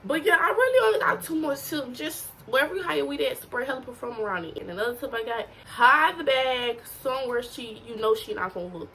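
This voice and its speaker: A woman's voice: sits high, expressive, a little fast, hardly any pauses, sharp tone, slight background noise, poor audio. Blunt, slangy teenage girl vlogger. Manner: slangy, profane, blunt storytelling. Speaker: vlogger giving tips. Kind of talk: casual to-camera advice.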